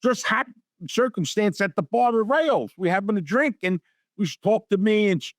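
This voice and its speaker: A man's voice: sits high, normal speed, dry recording, studio quality. A middle-aged man, telling stories as a guest and acting out the people he quotes. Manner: animated storyteller acting out quotes in voices. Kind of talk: storytelling interview.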